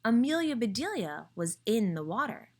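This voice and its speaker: A woman teacher reading a picture book aloud to children, clear and expressive, pausing to ask them questions. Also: fairly high pitch.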